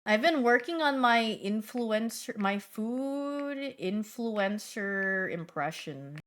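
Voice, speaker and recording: Her voice sits on the high side and is animated, yet her pace is slow. This young streamer keeps things playful and chatty on a casual livestream, replying to chat and veering from loud bursts to quiet, mumbling asides.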